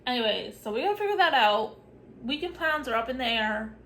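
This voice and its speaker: Fairly quick and expressive, this young vlogger's voice runs on the high side. She's sick with a cough and sore throat but chats casually, leans heavily on "like," and slips into a whisper now and then, all on a rough recording with a little hiss or hum.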